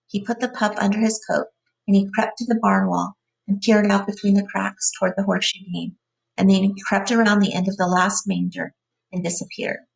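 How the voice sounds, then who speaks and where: Gravelly woman reading a novel aloud. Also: medium pitch, recorded from a distance. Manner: plain reading with side glosses. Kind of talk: reading aloud with brief explanations.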